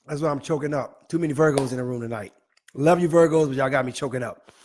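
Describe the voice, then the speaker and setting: A male host chatting live to his online audience, his pitch sitting squarely in the middle for a man. He reads viewer messages aloud and answers them playfully. His delivery stays animated and teasing throughout. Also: fast, slight background noise. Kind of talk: live online talk show, reading viewer comments.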